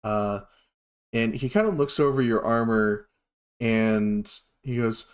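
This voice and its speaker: A man narrating as game master of a tabletop role-playing game, relaxed and full of fillers. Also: medium pitch, slow.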